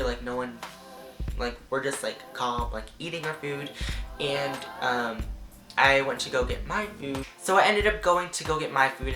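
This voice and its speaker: A young man telling a rambling, excitable storytime vlog, full of "like" and acted-out reactions. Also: medium pitch. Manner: chatty, rambling, fillers of "like" throughout; excitable, acts out reactions in quoted voices. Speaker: vlogger. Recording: roomy echo with background music.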